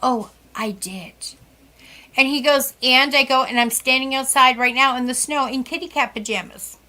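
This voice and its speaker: A woman with a high, bright voice telling ghost stories in casual chat. She plays out every quoted line with sighs and laughs. She is a guest on a podcast. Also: brisk. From Central West Massachusetts. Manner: animated, acts out quoted dialogue with sighs and laughs. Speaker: psychic medium guest. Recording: podcast interview.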